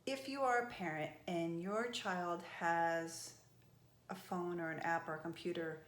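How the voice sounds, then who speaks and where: A woman's voice: lowish voice, moderate pace. A middle-aged woman motivational speaker giving earnest, emphatic advice straight to camera. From from an Italian family. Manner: earnest and emphatic, with animated outbursts. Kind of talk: direct-to-camera advice talk. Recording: echoey room.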